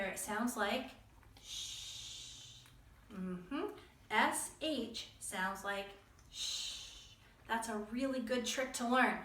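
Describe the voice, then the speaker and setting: A woman's voice: on the high side, a bit bright, echoey room, far from the mic. A woman teaching young children to read, patient and encouraging, spelling out words letter by letter. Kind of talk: reading lesson for young children.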